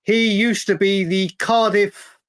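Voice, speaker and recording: A man's voice: sits high, fairly even intonation, slow pace, smooth, no room sound. A man co-hosting a fan livestream, chatting casually and repeating himself as he recalls details. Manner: rambling, repeats words while recalling details. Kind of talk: casual chat.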